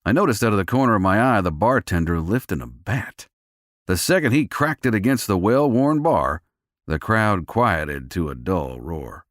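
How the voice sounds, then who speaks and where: Low gritty guy reading a romance audiobook, lots of swing in his voice. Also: lively intonation, moderate pace, no room sound, studio quality. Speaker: audiobook narrator. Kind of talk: first-person romance narration.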